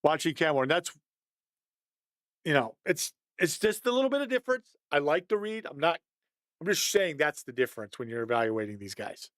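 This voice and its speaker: A man's voice: fairly high pitch, sing-song, moderate pace, a bit bright, no echo. A man giving a casual, conversational breakdown of football game film, thinking aloud and chuckling at mistakes.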